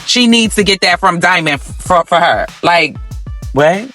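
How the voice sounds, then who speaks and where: A man hosting a reality TV recap, talking to viewers in an animated, sassy and dramatic way. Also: sits high, unhurried, faint music behind. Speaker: host.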